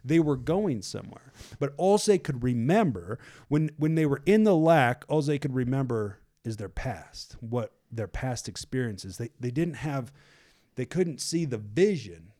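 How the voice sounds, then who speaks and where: A man at a middle pitch with a warm, mellow tone, chatting casually as he retells a Bible story. He talks loosely with lots of "like" and "you know," and acts out a panicking crowd now and then. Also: measured pace. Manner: loose and animated, many fillers like "like" and "you know".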